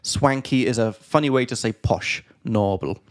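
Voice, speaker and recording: A man's voice: medium pitch, moderate pace. A man hosting a podcast in casual chat, explaining English expressions as he talks. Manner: chatty, explains expressions as he goes. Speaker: podcast host and English teacher. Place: studio.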